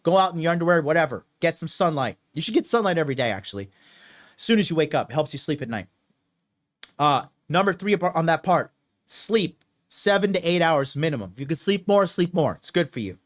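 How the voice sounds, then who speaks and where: Brief: young male dating coach, crude and forceful, pitch a touch high, drills points by repeating them. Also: expressive, a little fast. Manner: profane, emphatic, repeats himself. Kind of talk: solo advice monologue.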